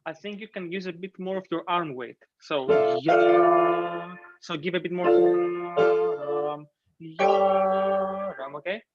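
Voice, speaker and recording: A fairly high-voiced man coaches a piano student over a video call, gentle and encouraging, humming melodies and counting beats aloud. The sound is muffled and lo-fi, with piano clearly heard behind him. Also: slow. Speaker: piano teacher. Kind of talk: online masterclass coaching.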